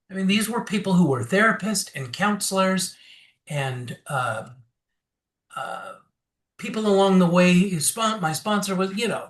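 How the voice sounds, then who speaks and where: A man candidly telling his personal recovery story as an interview guest, animated and acting out quotes, with many fillers and restarts. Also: on the high side.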